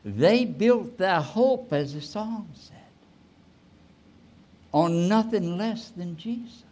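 A man in his eighties, a pastor telling a personal story in a sermon, rising suddenly and trailing off softly. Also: sits high, lively intonation. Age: 80s. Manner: slow, with sudden rises and soft trailing endings.

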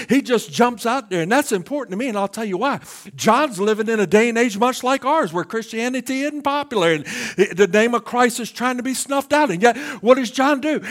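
Emphatic high-voiced male preacher. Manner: emphatic preacher, swings from hushed low lines to loud bursts; stammers and repeats words at the starts of phrases. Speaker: pastor. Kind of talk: sermon.

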